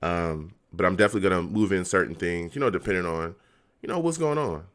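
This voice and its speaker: A young man hosts a live reaction stream, his voice swinging widely in pitch as he cracks up again and again. He talks in loose, slangy chat to his viewers, exasperated and laughing. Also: expressive, fast, fairly bright tone. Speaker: streamer reacting to a football game.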